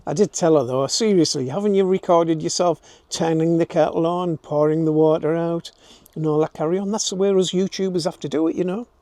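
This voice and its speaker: A man's voice: on the high side, steady tone, brisk, darkish tone, no room sound. An older man, vlogging casually to a handheld camera as he works inside a camper van, self-mocking and thinking aloud. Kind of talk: casual DIY vlog talk to camera.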